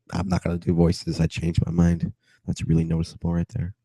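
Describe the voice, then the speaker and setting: Young man, deep and dark-toned, husky from a cold, reading aloud on a webcam mic, giggly tangents. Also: completely flat delivery, a little fast, dry recording, low-quality recording. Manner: reads with giggling tangents and mumbled asides. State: getting over a cold. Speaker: reader. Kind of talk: casual reading aloud on video chat.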